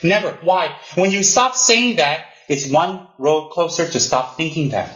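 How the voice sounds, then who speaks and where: A man teaching Buddhism to students, animated and teasing, often repeating himself for emphasis. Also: a little high, measured pace, faint music behind. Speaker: Buddhist lama. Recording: roomy, dull lo-fi hall recording.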